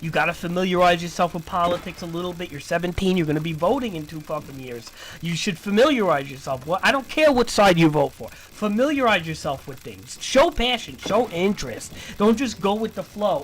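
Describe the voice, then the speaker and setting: A man's voice: high-pitched, big pitch swings, fairly quick, fairly bright tone. A man streaming, ranting in a lecturing, repetitive and profane way. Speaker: livestreamer. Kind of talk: casual stream rant.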